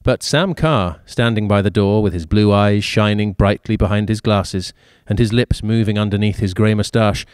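Low-voiced man reading a story. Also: smooth, dry recording, clean studio sound. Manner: even, measured reading with occasional fillers. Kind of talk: reading a short story aloud.

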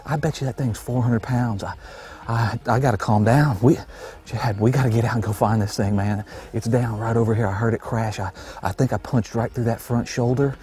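A man's voice: mid-range voice, fairly even intonation, fairly quick, warm tone. A man, a bowhunter, out of breath outdoors at night, stammering and repeating himself in disbelief after a shot. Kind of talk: excited field commentary after a shot.

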